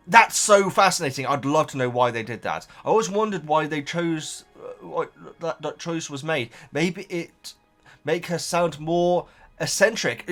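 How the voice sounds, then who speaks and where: A man's voice: a little high, sharp tone. A man reading out viewer comments and chatting about them casually, wandering off into tangents and thinking aloud. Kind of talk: casual chat.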